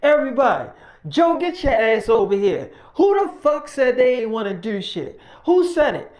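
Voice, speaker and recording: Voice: medium pitch, sing-song, moderate pace, darkish tone, voice pushed up, natural voice. A storyteller voicing a cruel, domineering male survivor leader in an improvised tale, profane and threatening. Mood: menacing. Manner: profane, threatening, barking orders.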